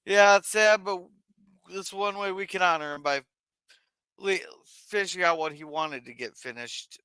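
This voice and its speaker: A man hosting a casual livestream, reading viewer messages aloud in a chatty, halting way. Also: sits high, bright, forceful tone, smooth, no room sound. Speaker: stream host reading chat.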